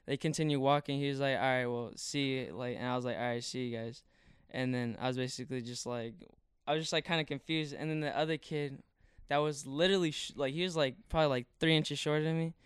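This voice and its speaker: A man's voice: mid-range voice, steady tone, fast, few pauses, clean tone, no echo. A young man recounting a story in loose, slangy chat that leans heavily on fillers. His voice is very clean and resonant. The sound is close and dry, with no room around it. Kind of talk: casual chat.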